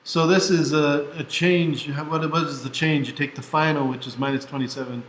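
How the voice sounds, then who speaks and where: A tired man teaching a class, chatty and quick to laugh, often restarting his sentences as he tells a story and works through a problem. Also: a little high, fairly even intonation, fairly bright tone, a little hiss or hum. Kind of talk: classroom lecture with anecdote. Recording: echoey room with faint ambience.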